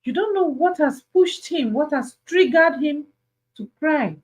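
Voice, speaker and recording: A woman's voice: high voice, animated, measured pace, rough recording. A Nigerian woman hosting an advice talk, speaking earnestly and pleading, repeating her points for emphasis. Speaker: host.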